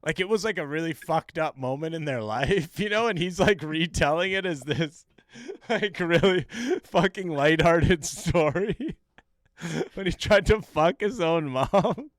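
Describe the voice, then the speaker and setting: A man's voice: a little high, a little slow, no room sound, studio quality. A man streaming a reaction to a video, laughing, swearing and reacting in disbelief as he chats with viewers. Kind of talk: casual reaction chat.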